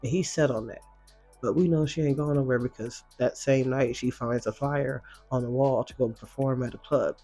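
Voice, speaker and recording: A man walking through a show recap in easygoing, slang-heavy talk, cursing without a second thought. His voice sits at an ordinary middle pitch. Soft music plays faintly underneath. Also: normal speed. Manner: slangy, expressive, swears freely. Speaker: reaction video host. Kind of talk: casual recap commentary.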